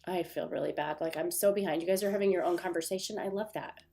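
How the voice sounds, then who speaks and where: A woman with a Midwestern American accent hosts a livestream from her desk at home, chatting casually and rambling with lots of fillers. Her voice is on the low side, dark and nasal with vocal fry, and she talks quickly while sounding stuffy from a runny nose.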